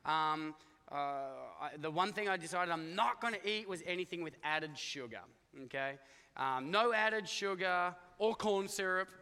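A man's voice: sits high, lively intonation, measured pace, bright, forceful tone, clear, resonant tone. A middle-aged Australian man preaching a chatty, joking sermon, talking to the congregation with lots of asides. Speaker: pastor. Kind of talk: conversational sermon. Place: church hall. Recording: echoey church hall.

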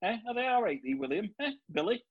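A man's voice: high-pitched, sing-song, fast talker, muffled recording, voice pushed up. A man with a Yorkshire accent putting on the broad, clipped speech of his brothers. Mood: gruff. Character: broad-spoken Yorkshire brothers, gruff and blunt.

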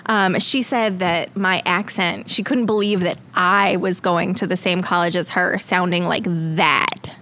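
A woman's voice: lowish voice, steady tone, a little slow, few pauses, sharp tone, a little hiss or hum. A woman from Long Island co-hosting a casual chat, telling stories in a chatty, self-deprecating way. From Long Island, New York. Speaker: co-host.

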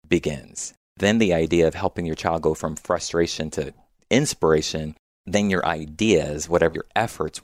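Deep-voiced calm man explaining. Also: no echo, studio quality. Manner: calm, explanatory, uses spoken examples of inner voices. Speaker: guest speaker on emotions. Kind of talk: reflective podcast conversation.

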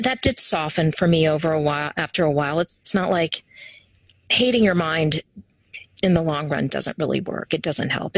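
A woman who teaches human design appears as a guest in a casual interview, speaking animatedly and acting out quoted voices as she tells stories. Her voice is lowish. The recording is dry and of poor quality.

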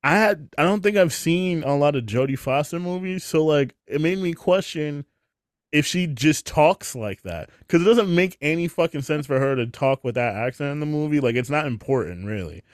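A man's voice: fairly high pitch, lively intonation, normal speed, no echo, studio quality. A man hosting a podcast, chatting casually and animatedly, swearing freely and laughing often. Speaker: podcast host. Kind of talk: casual chat.

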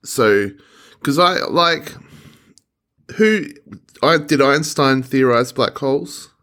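A man's voice: medium pitch, animated, slow pace, sharp tone. A man, co-hosting a casual podcast and puzzling things out aloud, checking in with "right?". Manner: curious, questioning, checking with "right?". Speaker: podcast co-host. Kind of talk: casual chat.

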